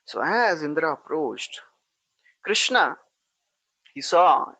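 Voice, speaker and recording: A man's voice: on the high side, sing-song, slow pace, gravelly, pauses often, sharp tone, no room sound, low-quality recording. A man preaching, retelling a scripture story with frequent 'you know' and recited Sanskrit verses.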